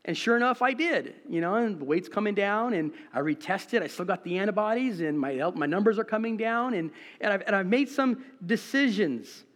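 Animated high-voiced preacher man. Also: fairly quick, hardly any pauses, in a large hall. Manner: animated, conversational, self-deprecating. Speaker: pastor. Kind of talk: sermon. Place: empty room, preaching to cameras.

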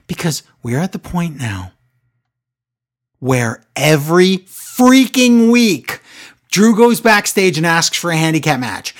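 Animated man recapping wrestling. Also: on the high side, slow pace. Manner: animated, acts out quotes in exaggerated voices. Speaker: wrestling podcast co-host. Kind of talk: casual recap chat.

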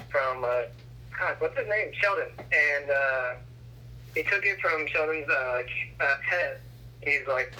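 A man's voice: medium pitch, moderate pace, pushed and bright, distant mic, rough recording. A man co-hosting a podcast, casually retelling a movie plot with lots of fillers and swearing. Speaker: podcast co-host. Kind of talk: casual movie recap chat.

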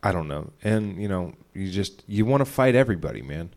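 A young man co-hosts a podcast in casual chat, rambling and swearing often as he retells a spat at home, quoting the voices in the argument. His voice is deep and a little mellow, with lively intonation and a fairly quick pace.

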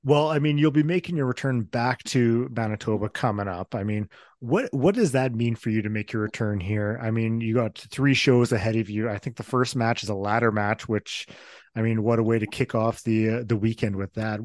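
A man's voice: on the low side, normal speed, darkish tone, no echo, clean studio sound. A man hosting an interview, asking questions in a conversational way. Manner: conversational, leads with "I mean". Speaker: interviewer, host.

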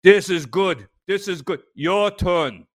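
A man voicing a blunt, gruff Russian cosmonaut who speaks in short, broken English while telling a story. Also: high-pitched, animated, takes it slowly, pitched above the performer's own voice, exaggerated voice. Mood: matter-of-fact.

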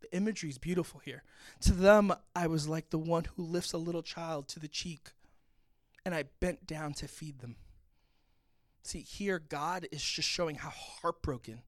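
A man's voice: a little high, normal speed, dry recording, clean studio sound. A man reading scripture aloud and explaining it in an earnest, reflective way, as a pastor giving a Bible talk.

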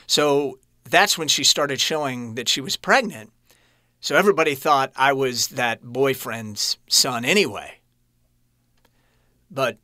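A man in his late thirties telling his personal story as a podcast guest, earnest and halting, often restarting his sentences. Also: medium pitch, sharp tone, dry recording, studio quality.

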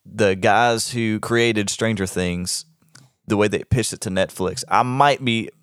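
Low-voiced man, hedging and hesitant. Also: a little slow, a bit bright, no echo, clean studio sound. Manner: hesitant, hedging with many likes. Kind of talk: casual chat.

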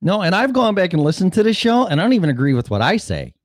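A man hosts a casual talk show and curses freely. His pitch rises and falls in an animated way. The sound is dry and close. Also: no echo. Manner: blunt, swears a lot, quick restarts. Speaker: podcast host. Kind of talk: profane casual chat.

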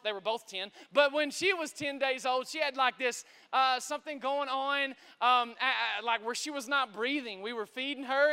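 A male pastor preaching an energetic sermon, stammering and repeating words and often asking "right?" to the congregation. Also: very high voice. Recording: echoey large hall.

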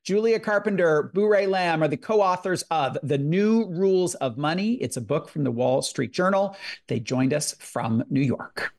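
Gravelly male money show host. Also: a little high, animated, darkish tone, no room sound, studio quality. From Canada. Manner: friendly, quick asides.

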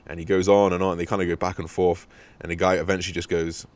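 Young man with a very low voice telling a story. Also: quick pace. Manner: swears freely, animated anecdote with acted-out quotes. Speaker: podcast host. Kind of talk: casual storytelling monologue.

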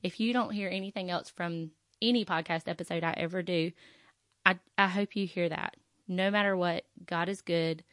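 Female podcast host, heartfelt and casual, full of ums and restarts; lowish voice, dry close sound. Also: steady tone, normal speed, a bit bright, no room sound. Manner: earnest and heartfelt, with frequent fillers and restarts. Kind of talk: faith podcast monologue, reading scripture.

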